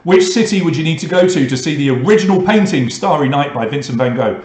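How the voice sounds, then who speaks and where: A man's voice: on the high side, lively intonation, quick pace, darkish tone, echoey room. A man with a British accent hosting an online pub quiz, reading out questions and scores with chatty asides. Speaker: quiz host.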